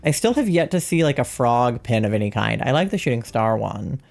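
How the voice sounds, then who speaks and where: A woman's voice: a bass voice, sing-song, brisk, gravelly, a little mellow. A woman streaming a game live, chatting casually and rambling as she reads out chat messages. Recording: faint music behind.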